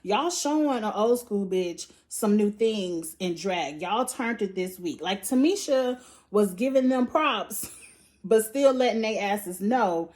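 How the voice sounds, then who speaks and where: A woman's voice: mid-range voice, slow pace. Sassy, profane woman reviewing a show. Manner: sassy, blunt and profane, with lots of slang; animated, acting out quotes from the show. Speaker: show reviewer and channel host. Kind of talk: casual recap commentary.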